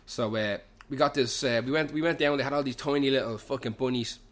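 Speaking briskly at a medium pitch, a young man hosts a show from a pub and tells a meandering, funny story. His accent is Irish with Dublin slang, and the run-on storytelling is packed with swearing.

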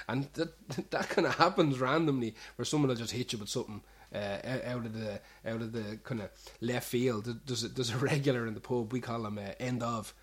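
Husky man rambling casually. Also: medium pitch, fairly even intonation, fast, few pauses. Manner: chatty, frequent restarts and swearing. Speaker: show host.

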